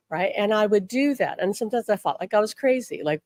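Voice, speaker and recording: A woman's voice: mid-range voice, animated, fast, hardly any pauses, darkish tone, dry recording, clean studio sound. A middle-aged woman giving an earnest, emphatic teaching talk as a spiritual teacher, leaning into key words. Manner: earnest and emphatic, acting out quoted voices. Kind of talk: direct-to-camera teaching talk.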